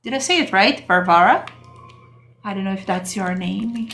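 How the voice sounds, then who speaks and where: A woman's voice: mid-range voice, fairly quick, vocal fry, fairly bright tone. A woman teaching an English grammar lesson on a livestream, chatting with viewers and greeting them by name.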